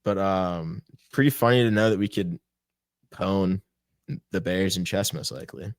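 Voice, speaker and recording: A young man co-hosting a casual sports podcast, playful and teasing, with quick interjections. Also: low-pitched, no room sound, studio quality. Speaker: podcast co-host. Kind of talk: casual chat.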